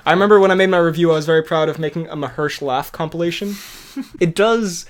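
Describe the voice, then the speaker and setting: A man's voice: fairly high pitch, quick pace. A young man chatting casually on a podcast, rambling, swearing often and laughing at his own jokes. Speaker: podcast host. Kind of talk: casual chat reviewing TV shows.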